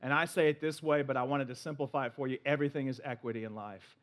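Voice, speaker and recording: A man preaching a sermon in an animated, playful way, acting out little voices as he goes. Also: medium pitch, fast. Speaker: pastor.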